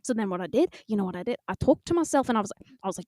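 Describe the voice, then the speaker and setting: Woman in her twenties, podcast co-host, rambling chatty storytelling, mellow tone, swooping pitch. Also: expressive, rapid-fire, hardly any pauses, no echo. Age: 20s. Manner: chatty, rambling, self-mocking.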